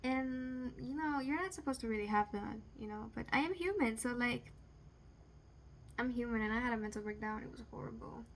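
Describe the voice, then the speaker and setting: A young woman speaks to her viewers in a loose, rambling way, with a voice sitting a little high. She fills her talk with "like" and "you know" and laughs off what troubles her. A faint hum sits behind her. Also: a little fast. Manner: rambling, many fillers, laughs off serious things. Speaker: vlogger. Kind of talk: casual confessional vlog.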